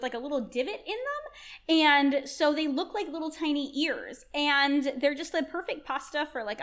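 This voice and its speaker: A woman in her thirties, a chef guest on a podcast, talking in an enthusiastic, rambling way and firing questions at herself. Her voice sits a little high. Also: fairly bright tone. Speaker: chef and culinary nutrition guest. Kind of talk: conversational podcast interview.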